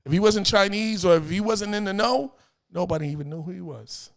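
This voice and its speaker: A middle-aged man, telling stories as an interview guest in an animated way, repeating phrases and acting out voices. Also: sits high, a little fast, gravelly. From New York. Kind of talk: casual storytelling chat.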